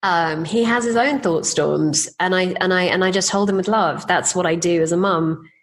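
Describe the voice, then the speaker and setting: A woman talking reflectively in a casual podcast conversation, pausing to think. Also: lowish voice, slight background noise. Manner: thoughtful, many fillers and restarts.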